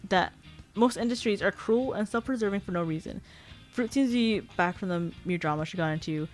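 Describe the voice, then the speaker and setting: A woman's voice: medium pitch, brisk, faint music behind. A young woman streaming a casual chat, rambling and giggly, often apologizing and filling with "like" and "um".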